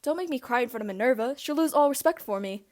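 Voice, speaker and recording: A woman's voice: high-pitched, animated, quick pace, pitched above the performer's own voice. A woman voicing a fond, teasing father with a dry joking manner, in a read-aloud fan story. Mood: wry teasing.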